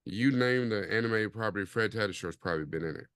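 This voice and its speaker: A man with a lowish, smooth, resonant voice hosts a casual podcast, talking in a relaxed, rambling way. He leans on fillers often, and the close mic sounds dry. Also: fast, no room sound. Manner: laid-back, rambling, frequent fillers. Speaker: podcast host.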